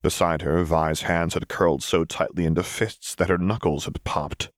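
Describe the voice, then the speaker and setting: A man reading a story aloud in a steady, measured way, his voice deep and low. The recording is dry and close, with no room sound. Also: dry recording. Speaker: narrator. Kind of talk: audiobook narration of fan fiction.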